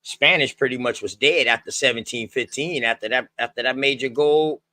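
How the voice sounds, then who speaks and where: A man's voice: mid-range voice, moderate pace, bright, forceful tone. A man hosting a casual group discussion, talking loosely in slang and giving earnest encouragement.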